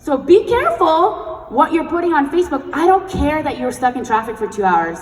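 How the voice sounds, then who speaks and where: A young woman giving a blunt, energetic motivational talk on stage and leading the crowd in chanted affirmations, heard in a large event hall. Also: high voice, a little fast, faint music behind. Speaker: sales team leader and motivational speaker. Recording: echoey hall recorded from far off.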